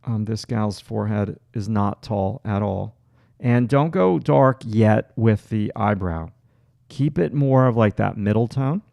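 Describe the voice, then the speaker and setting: A low, gravelly man with a Long Island accent talks through a drawing demo. He thinks aloud as he works, breaking off into fillers and restarts. The sound is dry and close. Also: unhurried, dark tone, no room sound. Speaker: art instructor. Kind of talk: livestream drawing demonstration.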